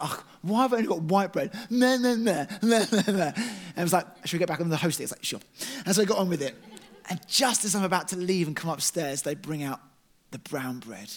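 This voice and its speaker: A young man preaching a sermon in earnest, telling self-deprecating stories with animation. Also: a little high.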